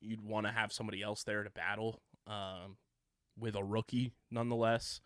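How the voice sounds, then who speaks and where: A man's voice: fairly low pitch, flat delivery, moderate pace, a bit bright, clear, resonant tone, no room sound, studio quality. A young man co-hosting a sports podcast, chatting casually and running through lists of names with lots of fillers. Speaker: podcast co-host.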